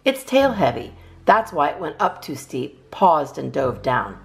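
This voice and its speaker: A woman's voice: low voice, big pitch swings, unhurried, gravelly, faint music behind, heavily acted. A woman voicing a proud but kind older boy bear cub in a storybook, explaining things patiently. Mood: reassuring.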